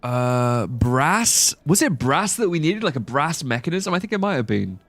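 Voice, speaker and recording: A man's voice: a little high, sing-song, moderate pace, fairly bright tone, dry recording. A young man streaming a game, chatting casually and thinking aloud as he plays. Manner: rambling, thinking aloud with fillers. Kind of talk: casual live-stream chat.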